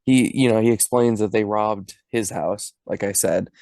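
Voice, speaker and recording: A man's voice: on the low side, fairly even intonation, moderate pace, creaky, a little mellow, dry recording. A man co-hosting a podcast, recapping a movie in casual chat, laughing often and piling up details. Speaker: podcast co-host.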